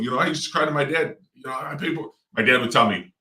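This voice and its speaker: In a casual interview, a middle-aged real estate investor appearing as a guest talks fast and rambles, with lots of fillers and restarts. His voice is medium-pitched with a sharp tone, picked up by a distant mic amid roomy echo.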